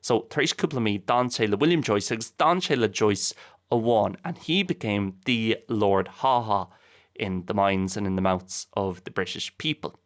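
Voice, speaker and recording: An Irish language teacher hosts a bilingual podcast, casually saying each point twice, once in each language. His voice sits on the low side and moves at a normal speed.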